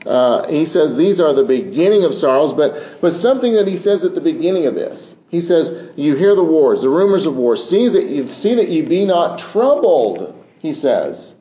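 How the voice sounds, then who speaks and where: A man's voice: fairly high pitch, very animated, normal speed, hardly any pauses. An older man preaching a sermon from the pulpit with dramatic, swinging delivery and repeated phrases. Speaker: pastor. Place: church sanctuary. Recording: roomy dull church recording.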